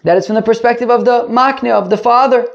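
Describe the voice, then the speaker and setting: A man's voice: extremely high pitch, a little fast, creaky, dull audio. A man giving a daily Talmud lesson, explaining step by step and repeating phrases with rhetorical questions. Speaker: Talmud teacher.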